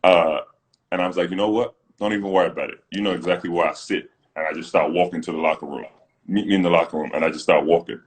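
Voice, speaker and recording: Here the deep-voiced British co-host talks fast, spinning animated tales in a casual livestream chat. Once a pro basketball player, he acts out what people said and laughs frequently, recorded via a phone on the live video.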